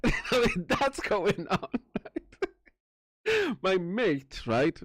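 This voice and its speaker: A man's voice: on the high side, lively intonation, measured pace, no room sound. Rambling, swearing Welsh man. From Wales. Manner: rambling, swearing, laughs often, acts out quotes. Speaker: channel host telling a story. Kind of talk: casual storytelling monologue.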